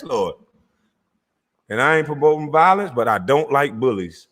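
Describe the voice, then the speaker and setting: Lively, bright-voiced man ranting. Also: mid-range voice, normal speed. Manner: profane, confrontational and mocking, with bursts of laughter and shouting. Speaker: channel host. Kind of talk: angry rant to camera. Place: Georgia, USA.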